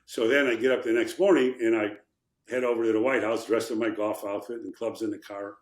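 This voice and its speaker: An older former congressman tells stories and plays out the voices of the people in them. His voice sits low, and the room around him has a noticeable echo. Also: a little fast. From Chicago, USA. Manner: animated anecdotes, acting out quotes. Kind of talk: storytelling in a podcast interview.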